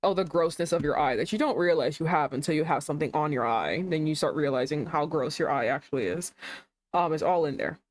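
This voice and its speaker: A woman's voice: deep voice, fast talker. A woman streamer reading a romance game aloud and breaking off into sarcastic, swearing asides.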